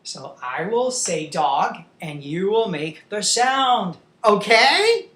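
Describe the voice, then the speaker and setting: A woman teaching a beginners' English lesson to young children, slow and clear, with playful animal sounds. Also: mid-range voice, big pitch swings, a bit bright. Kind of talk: demo lesson for young learners. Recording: echoey room.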